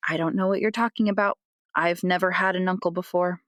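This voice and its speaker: A woman's voice: lowish voice, fairly even intonation, fairly quick, fairly bright tone, dry recording, lightly acted. A woman voicing a shy, tomboyish teenage kid who stammers and hesitates. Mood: evasive.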